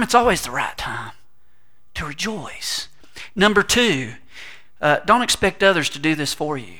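A middle-aged man delivers a sermon in a bright, forceful voice that sits a little high for a man. He swings between big, emphatic declarations and soft, quiet asides, with humor and acted-out voices woven through. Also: measured pace. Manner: animated preaching with humor and asides. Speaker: pastor.

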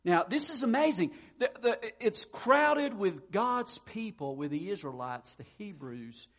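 A pastor delivering a sermon in a somewhat high male voice. He is folksy and conversational and leads into Scripture with a story. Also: lively intonation, measured pace. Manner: folksy, tells a joke before preaching.

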